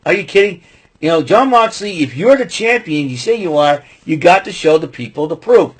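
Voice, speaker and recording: A man's voice: on the high side, animated, moderate pace, husky. A man hosting his own podcast, recapping a wrestling show in a rambling, opinionated way with many fillers. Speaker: podcast host.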